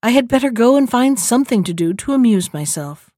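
A woman voicing a gentle, anxious young heroine in a storybook, earnest and wondering. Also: on the high side, animated, a little fast, no room sound, studio quality.

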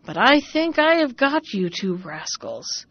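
A woman's voice: a little high, sing-song, measured pace, slightly rough, no echo, heavily acted. A woman voicing a grumbling, scheming middle-aged man in a raised, blustering, demanding storybook voice, in a dull lo-fi recording.

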